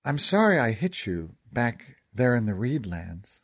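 A man reading aloud voices a young sorceress with a soft, measured, gently teasing manner. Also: mid-range voice, big pitch swings. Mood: teasing calm.

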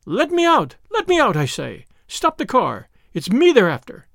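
A man voicing a frightened but brave young woman who speaks in a high, pleading, emotional way. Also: wildly swooping pitch, normal speed, vocal fry, breathy edge, no echo, clean studio sound, heavily acted. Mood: frantic.

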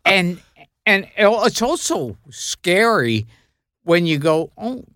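A man's voice: sits high, big pitch swings, slow pace, sharp tone, no echo, clean studio sound. A man co-hosting a podcast, making wry, jokey asides in casual chat. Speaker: podcast co-host.

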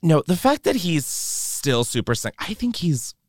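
A man's voice: a little high, measured pace, no room sound, studio quality. A young man hosting a podcast, chatting and gossiping in a sassy, joking way and often cutting in. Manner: animated, sassy, interrupts and jokes. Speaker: podcast host. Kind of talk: casual gossip chat.

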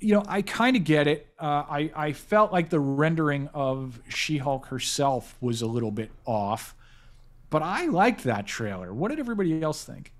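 A man hosts a loose panel chat, rushing through his thoughts with plenty of fillers and restarts. His voice sits a little high, and his excitement keeps breaking through. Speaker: podcast host, editor-in-chief.

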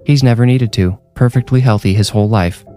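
A man voicing a hostile, distrustful mother with a sharp, accusing manner, his voice lifted above his own. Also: mid-range voice, a little fast, soft background music, pitched above the performer's own voice, close to an everyday voice.

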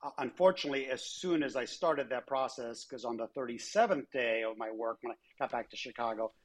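A man with a husky, slightly breathy voice at an everyday pitch recounts stories from his time leading a company. He slips into the voices of the people he quotes as he goes, in a loose conversational manner. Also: a little fast. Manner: anecdotal, acts out quoted dialogue. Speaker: former airline chief executive, guest. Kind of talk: conversational storytelling interview.

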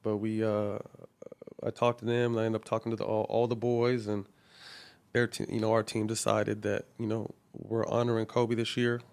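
Flat-voiced man telling a story candidly. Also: lowish voice. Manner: candid, profane, storytelling with halting restarts. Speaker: guest. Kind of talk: casual conversational interview.

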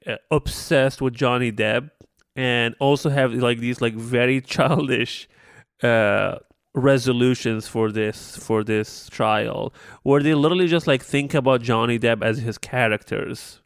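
Smooth-voiced man in lively chat. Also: medium pitch, unhurried, no room sound, clean studio sound. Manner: animated, sarcastic, mimics voices in quotes. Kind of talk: casual chat.

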